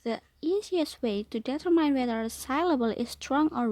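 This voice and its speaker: A young woman from Indonesia, a student presenting a lesson and reading definitions aloud, carefully slowing to repeat key points. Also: high-pitched, expressive, darkish tone, dry recording. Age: young adult. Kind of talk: read-aloud explanatory lesson.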